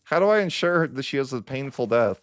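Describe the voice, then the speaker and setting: Exasperated young man, crisp dry voice. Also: mid-range voice, expressive, fairly quick, no room sound. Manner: exasperated, whiny, sarcastic. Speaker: strategy game streamer. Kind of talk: frustrated gameplay commentary.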